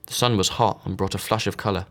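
A man's voice: low-pitched, steady tone, fast talker, a bit bright. A man narrating a novel, reading all the characters with slight voice shifts. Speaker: audiobook narrator. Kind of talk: scripted narration.

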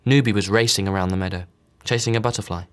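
A man's voice: fairly low pitch, fairly even intonation, fast talker. A man narrating a novel, reading all the characters with slight voice shifts. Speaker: audiobook narrator. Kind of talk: scripted narration.

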